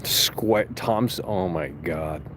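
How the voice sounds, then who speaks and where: This livestream host is a young man talking from his car with a low voice and slow pace, amid a noisy background. He reads out viewer comments and chats casually, rambling, sarcastic and profane.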